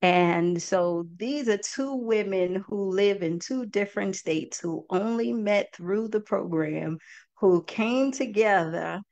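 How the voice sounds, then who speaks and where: A woman's voice: medium pitch, slow, darkish tone, dry recording. A woman hosting a group talk for an online audience, speaking in a heartfelt, folksy way and often calling her listeners "y'all". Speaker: host and project founder.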